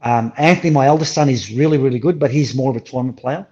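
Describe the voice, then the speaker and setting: A man's voice: medium pitch, fast talker. Man on a lo-fi call. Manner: animated storyteller, swears freely. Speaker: guest. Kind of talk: casual interview over a call. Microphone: remote call. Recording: dull lo-fi call audio.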